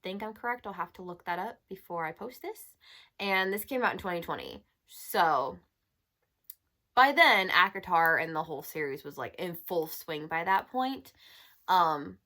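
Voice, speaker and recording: A woman's voice: fairly low pitch, animated, normal speed, sharp tone. Chatty young woman ranting about a book. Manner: chatty, exasperated, many fillers. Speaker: book reviewer. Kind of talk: casual chat.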